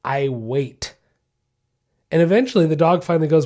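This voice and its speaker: A man's voice: medium pitch, a little fast, a little mellow. Emphatic man with a darker tone. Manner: emphatic, repeats key points, conversational. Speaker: dog trainer and podcast host. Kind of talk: podcast advice answer.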